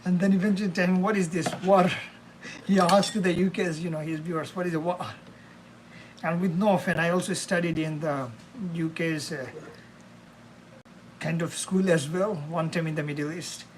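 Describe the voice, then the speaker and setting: A young man live streams from his home kitchen as he cooks, rambling on to his viewers and calling them "bro" and "man." His voice is fairly high and steady in tone, his pace is moderate, and there is slight background noise.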